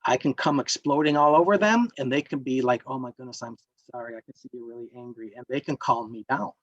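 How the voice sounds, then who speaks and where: A man's voice: mid-range voice, no echo, lo-fi sound. A man leading an interactive wellness workshop, lecturing and putting questions to the group. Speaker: workshop instructor.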